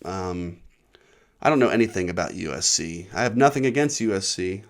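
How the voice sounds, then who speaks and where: A man's voice: low-pitched, lively intonation, brisk. A man from Nebraska, a comedian hosting his own show, telling a rambling, profane story. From Nebraska, USA. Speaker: comedian podcast host.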